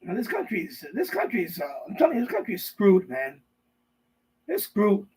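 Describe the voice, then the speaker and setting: A man's voice: high voice, huge pitch swings, moderate pace, darkish tone, a little hiss or hum, rough recording. A man hosting a live stream from his basement, ranting casually with profanity and lots of repetition, riffing in mock voices. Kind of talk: rambling casual rant. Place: basement room.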